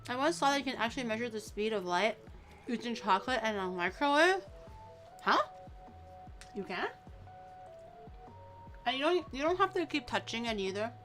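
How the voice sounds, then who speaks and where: Bright, teasing woman streamer. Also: fairly high pitch, lively intonation, moderate pace, pauses often, faint music behind. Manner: playful, teasing, drags out words to mock pronunciations. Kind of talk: casual cooking stream chat.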